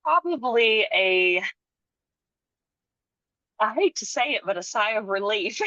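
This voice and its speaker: A woman's voice: mid-range voice, animated, takes it slowly, pauses often, bright, forceful tone, no room sound, highs cut off. A woman guest on a podcast talking in a sincere, reflective way about her work and her faith, with the odd light laugh. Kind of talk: casual interview chat.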